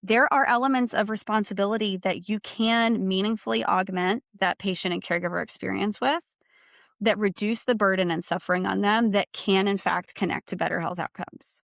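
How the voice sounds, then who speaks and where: Earnest woman with a gravelly voice. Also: medium pitch, fairly even intonation, a little fast, fairly bright tone, no room sound, studio quality. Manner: earnest, reflective, long flowing sentences. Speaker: guest, bereaved parent. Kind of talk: conversational livestream discussion.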